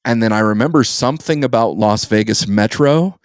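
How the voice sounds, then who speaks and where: A man's voice: fairly low pitch, brisk, clean tone, no echo, clean studio sound. A man co-hosting a podcast, telling a rambling story in a casual chat and laughing at himself as he goes. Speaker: podcast co-host.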